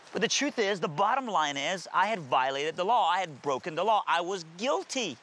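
A man's voice: high voice, lively intonation, normal speed, few pauses, a bit bright. A man telling his conversion story and preaching in an earnest, emphatic storytelling manner. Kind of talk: testimony and sermon.

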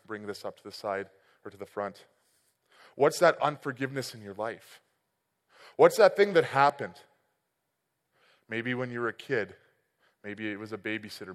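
A man in his thirties preaching a sermon, telling a personal story and swinging between loud and quiet passages. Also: medium pitch, long reverb tail. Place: church hall.

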